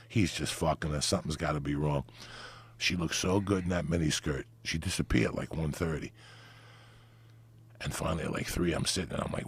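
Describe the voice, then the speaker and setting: Gravelly, raspy New man. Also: very deep voice. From New Jersey. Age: middle-aged. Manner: profane, rambling, animated. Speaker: podcast guest. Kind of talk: crude comic storytelling.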